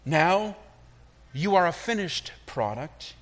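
Patient old-fashioned potter, as a preacher puts him on, calm, reassuring, slow. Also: male voice, on the high side, voice pushed up. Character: patient, calm male potter shaping clay. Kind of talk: sermon illustration story.

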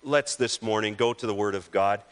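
A man preaching a sermon as pastor, reading scripture aloud and speaking with emotion, pausing and restarting as he goes. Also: fairly low pitch.

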